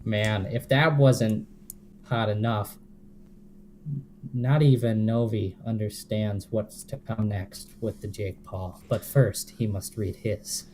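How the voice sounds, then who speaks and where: Podcast co-host, man, deadpan slow reader, low voice. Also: slight background noise. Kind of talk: reading fanfiction aloud, casual chat.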